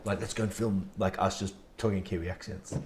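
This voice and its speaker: A man's voice: low voice, steady tone, brisk, darkish tone. A man who makes commercials, telling stories in a laid-back casual chat and swearing now and then. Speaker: guest filmmaker, commercials director.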